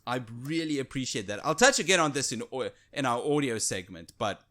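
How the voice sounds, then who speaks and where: A man's voice: mid-range voice, animated, brisk, a bit bright. A man co-hosting a casual podcast chat, gushing with enthusiasm. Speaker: podcast co-host.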